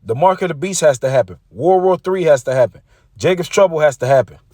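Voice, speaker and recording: A man's voice: on the high side, animated, fast talker, mellow, no room sound, studio quality. A man preaching combatively, reading scripture aloud and mocking rival preachers. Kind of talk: street-preacher sermon video.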